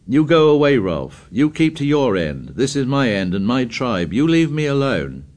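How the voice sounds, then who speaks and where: A man voicing a defiant, aggressive boy chief who shouts and taunts. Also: on the low side, huge pitch swings, unhurried, creaky, full character voice. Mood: shouting.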